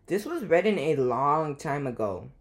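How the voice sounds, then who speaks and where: A woman reading aloud as a puzzled male shopkeeper, halting and thoughtful, in a slow voice. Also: sits low, sing-song, voice pushed down, exaggerated voice.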